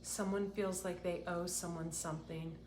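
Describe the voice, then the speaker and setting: Woman doing a card reading, lowish voice, slow and earnest, a bit teary, echoey room. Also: flat delivery, a little mellow, a little hiss or hum. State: tearful, close to crying. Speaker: intuitive card reader. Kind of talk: tarot-style card reading to camera.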